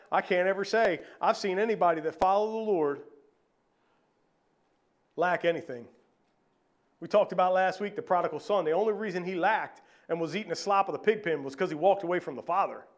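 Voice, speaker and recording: A man's voice: high-pitched, brisk. A middle-aged man preaching a sermon as pastor, with many fillers and repeated starts.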